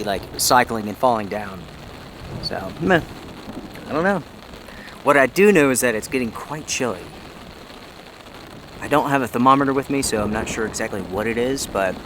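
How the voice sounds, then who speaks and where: A man's voice: mid-range voice, normal speed, long pauses. A man talking to his viewers in a casual outdoor vlog, out of breath, sheltering under a tarp in a forest. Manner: chatty, upbeat, addresses viewers directly. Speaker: outdoor vlogger. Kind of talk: casual camping vlog to camera. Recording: loud rain noise outdoors. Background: heavy rain.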